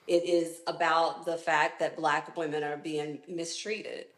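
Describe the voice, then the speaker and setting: A woman interviewed as a health expert, answering in a clear, deliberate, explanatory way. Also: low voice, level tone, reverberant.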